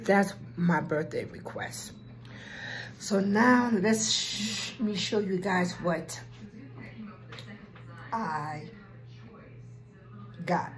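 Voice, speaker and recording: Woman, casual vlogger, slow earnest delivery, lowish voice, faint music behind. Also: rough recording. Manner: slow and heartfelt, with filler ums. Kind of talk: casual chat.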